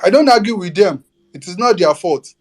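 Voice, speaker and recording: A man's voice: high voice, animated, brisk, darkish tone. A Nigerian man giving a fiery, defiant political rant in a live audio space, dropping Yoruba curses.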